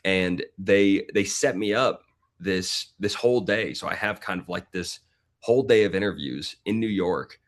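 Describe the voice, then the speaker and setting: A man in his forties, a podcast guest, telling a personal story in a casual, animated way and acting out other people's lines. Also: low voice, normal speed. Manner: animated, acts out the voices of people in his stories.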